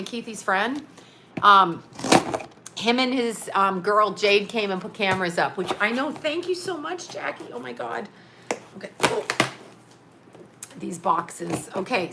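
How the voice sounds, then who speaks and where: A middle-aged woman vlogs at home, unboxing a care package amid lots of laughter and exclamations. Her voice is a little high against a noisy background, and she's excitable, laughing often and exclaiming "oh my God".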